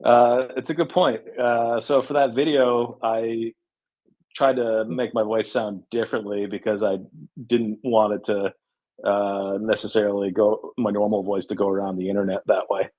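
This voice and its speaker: A man chatting casually in an online audio room, halting with lots of fillers, bantering easily. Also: lowish voice, flat delivery, muffled recording. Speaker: guest describing his DeFi project.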